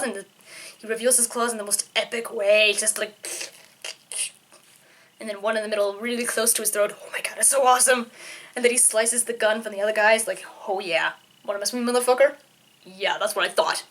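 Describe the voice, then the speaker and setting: A woman giving casual film commentary, sarcastic and ranting, with loud exasperated outbursts. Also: on the high side. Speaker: film reviewer.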